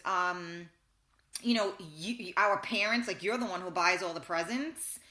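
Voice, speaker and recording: A talk show host with a bright, clear-edged voice rambles through a story, restarting her sentences and dropping the odd curse. The room around her rings with a noticeable echo. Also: lowish voice, a little slow. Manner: rambling, chatty, with frequent restarts and mild swearing. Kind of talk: casual storytelling monologue. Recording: roomy echo.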